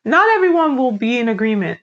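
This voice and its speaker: A woman's voice: a little high, very animated, fast talker, a bit bright, muffled recording. A woman tarot reader talking casually to her viewers, chatty and encouraging, with a lot of "like" as she walks through the cards. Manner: chatty, encouraging, uses "like" often. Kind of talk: casual tarot reading to camera.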